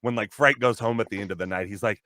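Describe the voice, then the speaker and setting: A man's voice: fairly low pitch, fast talker, crowd noise. A man who does voice acting, chatting casually in a rambling way, often restarting his sentences and laughing at himself. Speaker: voice actor. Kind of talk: casual chat.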